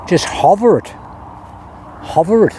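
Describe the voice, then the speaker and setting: A man's voice: high-pitched, expressive, a little slow, dark tone. A man talking to camera at an outdoor golf practice area, chatting casually and coaching himself between shots. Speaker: golf vlogger. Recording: faint outdoor noise.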